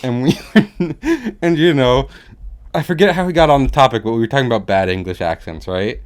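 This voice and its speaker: A man's voice: medium pitch, lively intonation, a little fast. A young man co-hosting a podcast, rambling and joking in casual chat. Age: young adult. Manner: rambling, joking, puts on mock English accents. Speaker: podcast co-host.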